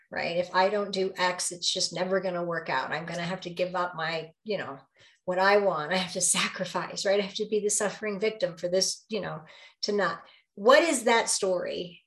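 A woman in her thirties or forties, a business coach leading a group workshop, speaking in a lively way, acting out bits of dialogue and often checking in with "right?". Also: medium pitch.

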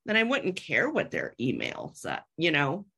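A woman's voice: deep voice, huge pitch swings, unhurried, creaky, pushed and bright, husky. A woman on a coaching video call, searching for words with hesitations and restarts, speaking earnestly.

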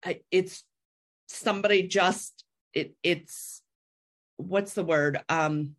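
A woman's voice: lowish voice, slow. A woman on a coaching video call, searching for words with hesitations and restarts, speaking earnestly.

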